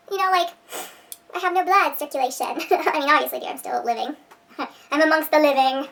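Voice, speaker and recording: Giggly high-voiced woman, rambling off-mic. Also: fairly quick, gravelly, a bit bright, recorded from a distance. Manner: giggly, rambling, self-deprecating. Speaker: beauty vlogger. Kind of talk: rambling outtake chatter to camera. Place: room at home.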